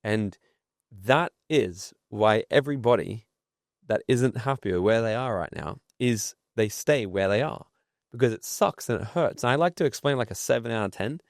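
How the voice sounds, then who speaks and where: A man's voice: fairly low pitch, expressive, moderate pace, gravelly, no echo, studio quality. An entrepreneur speaking as a podcast guest, blunt and profane, telling stories to make his points. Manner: blunt, swears freely, tells stories. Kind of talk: casual podcast interview.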